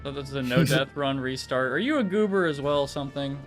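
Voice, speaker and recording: A man's voice: medium pitch, fairly quick, soft background music. Male gaming guest, blunt profane play-by-play, mid-range voice. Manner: blunt, swearing reactions to gameplay. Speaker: streamer co-host. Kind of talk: casual reactions while gaming.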